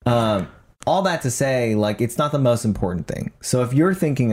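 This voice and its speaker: A man's voice: medium pitch, animated, fairly quick, a little mellow. A man co-hosting a podcast about improv, talking casually and emphatically, prone to tangents. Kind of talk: casual chat.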